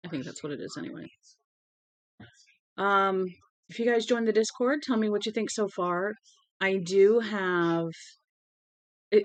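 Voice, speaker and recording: After reading a book aloud on her livestream, this woman talks casually with viewers, yawning and sounding tired, friendly and rambling with plenty of filler "um"s. Her voice is medium-pitched, and there's no echo.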